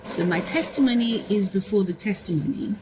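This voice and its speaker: A woman's voice: mid-range voice, lively intonation, a little fast, noisy background. A woman recording a short, purposeful testimony declaration. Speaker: testimony giver.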